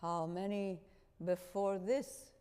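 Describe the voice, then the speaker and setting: A woman playing a grave, gentle older man who speaks slowly and patiently to a friend, with the long reverb of a church hall. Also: mid-range voice, flat delivery, clear, resonant tone, close to an everyday voice. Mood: gentle, earnest. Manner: slow, patient, quietly insistent.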